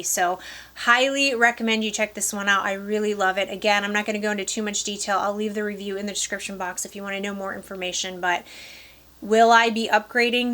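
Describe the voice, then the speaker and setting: Bright-voiced chatty woman from Michigan's Upper Peninsula. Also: mid-range voice. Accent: Upper Peninsula Michigan (Yooper). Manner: chatty, enthusiastic, addresses viewers directly. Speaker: perfume vlogger. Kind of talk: casual product review to camera.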